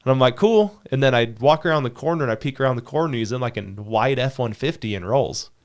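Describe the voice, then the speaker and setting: A man's voice: medium pitch, quick pace. A man with an ordinary mid-range voice talks on a casual podcast, spinning a story. He acts out the people he quotes and laughs often as he goes. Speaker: podcast co-host.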